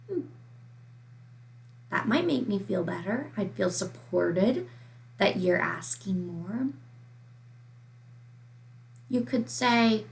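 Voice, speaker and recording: A woman school counselor giving a slow, emphatic lesson to young children. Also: medium pitch, animated, gravelly, a little mellow. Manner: slow, emphatic teacher talk to young kids.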